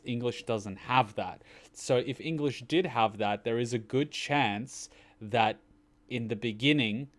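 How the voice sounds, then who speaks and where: Australian male reaction host, low-pitched, rambling and animated. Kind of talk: casual commentary.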